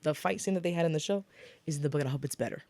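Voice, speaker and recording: A young woman co-hosting a podcast, chatting casually and telling animated stories about shows and books, acting out what people said. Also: sits low, no echo. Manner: rapid gossipy storytelling, acts out quotes. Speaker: podcast co-host. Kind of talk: casual chat.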